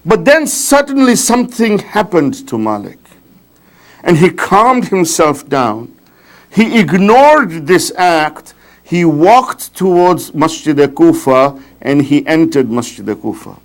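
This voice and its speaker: A man's voice: a little high, takes it slowly. Man with a raised voice telling a sermon story. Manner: lively storyteller, frequent tag questions. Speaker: majlis speaker.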